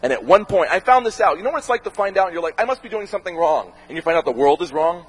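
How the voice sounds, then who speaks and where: Husky, animated man swearing through a talk. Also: on the high side, racing, low-quality recording. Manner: animated and profane, acts out quoted voices. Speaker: documentary filmmaker answering audience questions. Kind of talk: casual talk with Q&A.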